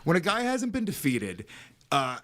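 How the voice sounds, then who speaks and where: A man's voice: on the high side, huge pitch swings, moderate pace, fairly bright tone. A man co-hosting a studio podcast, breaking down fights and teasing the host in a joking, rambling way. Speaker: comedian co-host. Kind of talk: casual podcast banter.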